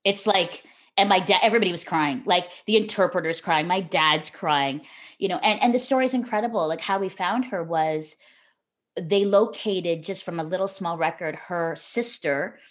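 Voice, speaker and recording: A middle-aged woman speaks as an interview guest, recounting a deeply personal story. Her voice sits low and she talks earnestly, circling back with restarts and "you know" as she goes. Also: normal speed. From Canada. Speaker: guest, television host.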